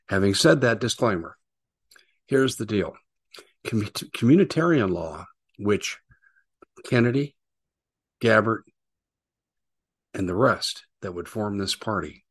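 A man hosting a political talk show, delivering an emphatic, mocking opinion monologue that slows down to stress its points. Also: on the low side, expressive, husky.

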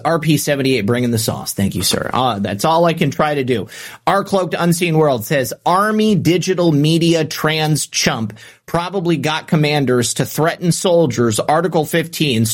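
Brief: male stream host, somewhat high voice, casual and chatty, reads out viewer comments. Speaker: live-stream show host. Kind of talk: casual live-stream chat.

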